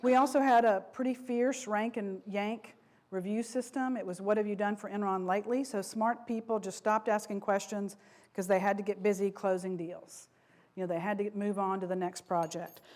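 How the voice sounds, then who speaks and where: A woman's voice: mid-range voice, fairly even intonation, normal speed, a little mellow. A middle-aged woman giving a lecture to an audience, speaking frankly and conversationally, with frequent asides and restarts. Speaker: speaker, former company vice president.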